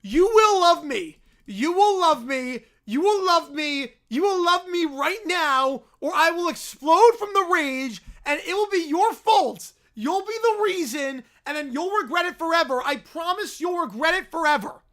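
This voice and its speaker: Man putting on a shrill whiny bear, obsessive, loud and demanding, drawn-out pleas, bright high voice. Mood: yelling. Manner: whining, yelling, drawn-out pleading.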